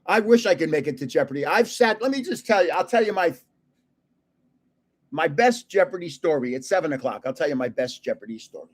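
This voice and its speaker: Quick and expressive, this older man's voice sits on the high side as he chats casually on his trading card livestream. His storytelling wanders from anecdote to anecdote, full of self-corrections and frequent chuckles.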